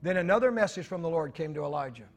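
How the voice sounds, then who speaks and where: A man's voice: a little high, expressive, fast talker, soft background music. A man preaching a sermon in church, reading scripture aloud with joking asides to the congregation. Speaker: pastor.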